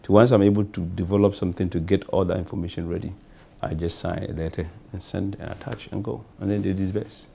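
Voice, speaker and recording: A man's voice: low-pitched, steady tone, fast, creaky, warm tone, a little hiss or hum. A Ghanaian man, a member of parliament, answering in a talk show interview with rambling, repetitive answers. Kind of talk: talk show interview, mixing English and Twi.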